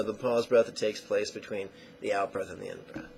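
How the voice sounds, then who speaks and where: A man teaching a guided meditation lesson in slow, deliberate phrases that trail off into soft near-whispers. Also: fairly low pitch, fairly even intonation, creaky, slight background noise, poor audio.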